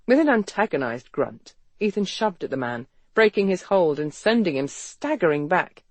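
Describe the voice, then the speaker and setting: Audiobook narrator for period romance, animated pitch, dry studio sound. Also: normal speed, hardly any pauses, no room sound. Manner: even storytelling read with lively pitch. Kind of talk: scripted romance novel narration.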